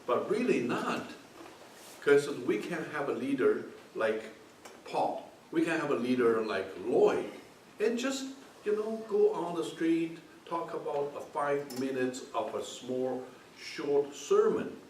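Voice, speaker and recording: A man giving a short club speech in halting, plain phrasing. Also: a little high, animated, a little mellow, slight background noise. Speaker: club speaker. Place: meeting room. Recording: echoey room, far off.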